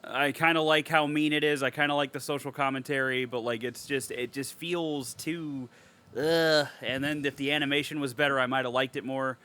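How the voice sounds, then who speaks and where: A man's voice: medium pitch, fairly quick, few pauses. A man co-hosting a podcast, chatting casually and swearing a lot as he tells emotional stories. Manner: animated, profane, emotional storytelling. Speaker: podcast co-host.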